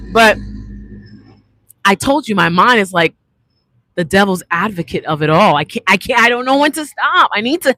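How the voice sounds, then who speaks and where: A woman's voice: mid-range voice, a bit bright. A woman hosting a livestream as an artist, chatting casually in a rambling, slangy way and reading out viewer comments. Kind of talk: casual live chat.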